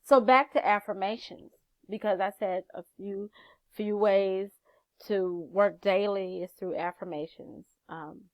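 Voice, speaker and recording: A chatty woman gives a casual motivational talk straight to camera, animated and acting out little quotes as she goes. Her voice sits at a middle pitch and sounds dry and close. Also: unhurried, dry recording. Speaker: channel host, life coach.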